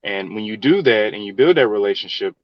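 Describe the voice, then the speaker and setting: A man with a fairly low voice gives earnest, conversational advice as an interview guest. The sound is dry and a little muffled, with little room echo. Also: lively intonation, a little fast. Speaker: engineer and real estate professional, interview guest. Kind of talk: casual interview answers.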